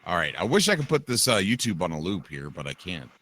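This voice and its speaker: Man, podcast host, excitable, bright, animated. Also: sits low, slight background noise. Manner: excitable, animated, quick to shout. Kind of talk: casual livestream chat.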